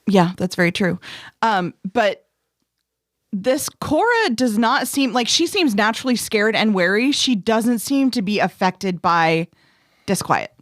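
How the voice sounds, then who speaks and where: A woman narrating a tabletop game as game master, explaining in a relaxed way. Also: medium pitch, measured pace, no room sound, clean studio sound.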